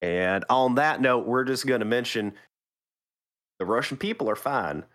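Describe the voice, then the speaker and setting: A man's voice: mid-range voice, expressive, a little slow, fairly bright tone. A man with a Texan accent co-hosting a casual gaming podcast, talking in a drawling, twangy way and swearing freely. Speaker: podcast co-host.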